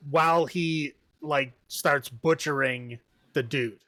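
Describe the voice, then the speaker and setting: A man's voice: on the high side, slow, pushed and bright, no echo. A man casually recapping a horror movie on a podcast, rambling, laughing often and acting out the characters' lines. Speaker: podcast co-host.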